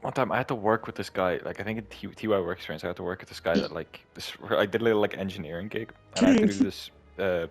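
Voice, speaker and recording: Young man, deep voice, fast filler-heavy storyteller. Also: very animated, vocal fry, soft background music. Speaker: friend telling jokes. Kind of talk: casual chat with friends.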